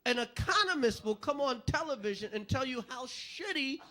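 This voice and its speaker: A man doing a stand-up comedy routine with slow, emphatic, lilting delivery on a club stage. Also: very high voice, expressive, heavy background noise.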